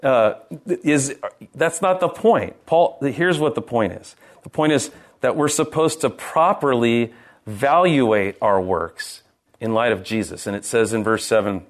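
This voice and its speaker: A man preaching a sermon, earnest and animated, asking rhetorical questions and restarting his sentences. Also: mid-range voice, measured pace. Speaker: pastor.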